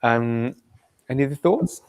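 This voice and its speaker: A man presenting a live software demo at a community meetup, relaxed and chatty, asking the audience questions. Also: mid-range voice, measured pace, poor audio. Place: meeting room in front of an audience.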